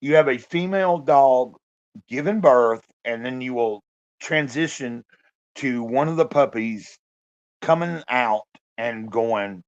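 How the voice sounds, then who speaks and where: A man's voice: mid-range voice, animated, slow. Rambling man, casual and a bit lo-fi. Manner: meandering, lots of fillers and swearing. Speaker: vlogger.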